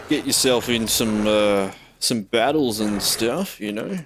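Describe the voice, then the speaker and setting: A man's voice: lowish voice, fairly bright tone, slight background noise. A young Australian man casually streaming a game, bantering with chat and laughing often. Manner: laid-back banter, laughs often, slow drawl.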